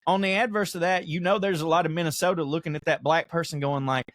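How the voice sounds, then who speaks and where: Brief: middle-aged Southern US comedian, emphatic repeater, high voice, dry close sound. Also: male voice, fairly even intonation, fast talker, fairly bright tone, no room sound. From American South. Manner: emphatic, repeats lines, laughs easily. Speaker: podcast co-host, comedian. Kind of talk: casual podcast chat.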